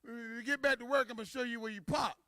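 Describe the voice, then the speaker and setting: A man's voice: very high voice, steady tone, fast, pushed and bright, no room sound, studio quality, pitched above the performer's own voice, heavily acted. A man doing a drunk, boastful company boss. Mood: pleading.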